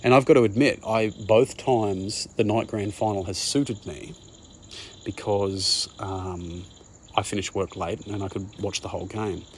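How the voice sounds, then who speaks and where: A man's voice: lowish voice, steady tone, a little slow, a little hiss or hum. A man with an Australian accent, talking casually in a rambling monologue and often saying "mate". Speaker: podcast host.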